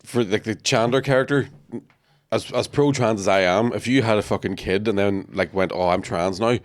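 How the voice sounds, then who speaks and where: Male comedian, low voice, lively sweary anecdotes. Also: moderate pace. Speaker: comedian guest. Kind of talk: casual chat and storytelling.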